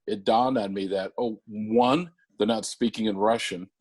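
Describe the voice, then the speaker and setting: A man's voice: fairly low pitch, fairly even intonation, a little slow, a little mellow, husky. An American man co-hosting a casual podcast, thinking aloud with restarts. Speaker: podcast co-host. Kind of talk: casual chat.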